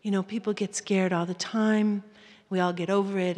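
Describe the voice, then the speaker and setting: A woman giving a live talk to an audience, gentle and often dropping to a soft near-whisper. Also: medium pitch, flat delivery, normal speed. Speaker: workshop speaker. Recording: hall reverb.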